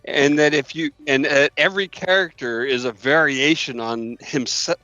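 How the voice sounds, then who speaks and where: A man's voice: a little high, normal speed, pushed and bright, no room sound. A man hosting an interview, asking long chatty questions. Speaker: podcast host. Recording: dull lo-fi dry audio, faint music.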